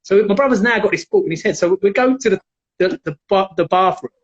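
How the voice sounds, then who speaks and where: A former MMA fighter, appearing as a guest on a livestream, tells lively stories casually in a high voice, talking fast. He's animated and acts out quotes in a raised voice. The video-call audio sounds dull and lo-fi.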